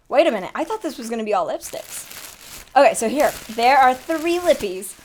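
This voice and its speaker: A young woman in a casual makeup unboxing vlog, chatty and excitable, often gasping and laughing. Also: high voice, moderate pace, slight background noise. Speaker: beauty vlogger.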